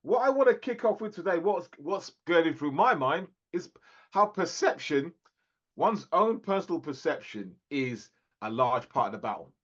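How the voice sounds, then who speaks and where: A man's voice: fairly high pitch, sing-song, moderate pace, lo-fi sound. A man co-hosting a podcast in casual chat, laughing often and restarting his sentences. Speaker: podcast co-host.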